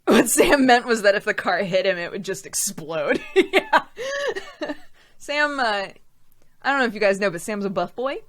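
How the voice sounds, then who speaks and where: A woman's voice: medium pitch, animated, moderate pace, a bit bright. A woman hosting a casual live-stream chat show, talking freely, laughing often and thanking viewers from chat. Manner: chatty, laughs often, reads out chat names.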